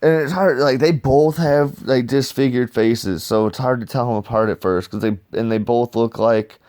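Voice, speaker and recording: A man's voice: mid-range voice, moderate pace, no room sound. A young man casually reviewing a comic book, rambling and swearing as he acts out scenes and adds sound effects. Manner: profane, excitable, sound effects and acted-out dialogue.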